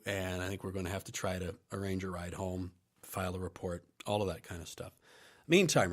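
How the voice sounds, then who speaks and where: Man, podcast host, storytelling monologue, relaxed, anecdotal, mid-pitched voice. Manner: relaxed, anecdotal, laughs while telling.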